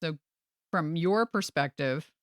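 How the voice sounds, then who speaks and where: A woman's voice: sits low, slow, no echo, studio quality. A woman who works as a realtor, telling a story in a casual chat and acting out the people she quotes. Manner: animated, acts out quoted voices. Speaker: realtor and podcast host.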